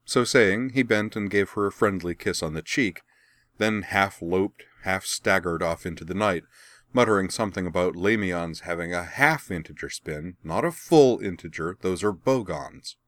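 Deep-voiced male audiobook narrator. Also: moderate pace, fairly bright tone, no echo, studio quality. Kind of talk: scripted audiobook narration of fan fiction.

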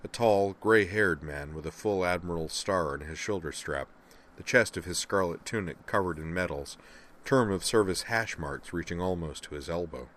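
A man narrating a novel as an audiobook, in a steady storytelling delivery. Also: low voice, normal speed. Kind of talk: scripted narration.

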